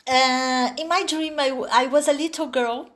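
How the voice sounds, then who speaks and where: A woman's voice: high-pitched, fairly even intonation, a bit bright. A woman with a Brazilian accent telling a story over a video call, hesitant and full of little fillers. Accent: Brazilian Portuguese. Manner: slow, hesitant, with many fillers.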